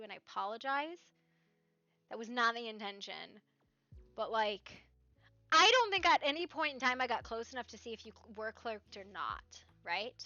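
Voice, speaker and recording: A bright, fairly high-voiced woman rambles in casual stream chat. She tosses in "right?" constantly as she talks. The sound is dry and a bit dull, with faint music under it. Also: no room sound. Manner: rambling, animated, asks "right?" often. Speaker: roleplay streamer.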